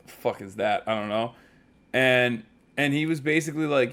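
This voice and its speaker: A man in his thirties telling stories as a streamer in a casual, animated, profane way. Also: mid-range voice, normal speed. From United States. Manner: animated, profane storytelling with frequent asides. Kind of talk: casual chat.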